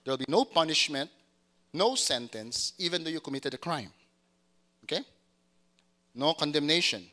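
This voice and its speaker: A man gives a sermon to his congregation in a bright, ringing, somewhat high voice. He repeats his words, stops and starts again, and keeps asking whether the listeners follow him. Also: animated, moderate pace, pauses often. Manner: repeats words and restarts, asks congregation to confirm. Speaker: pastor.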